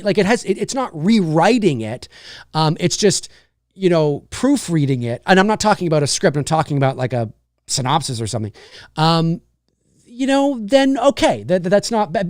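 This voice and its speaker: Male livestream host, high voice, dry close sound, rambling and candid, plenty of self-corrections. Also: no room sound. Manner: rambling, thinking aloud with many restarts; candid, casual swearing. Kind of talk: casual chat.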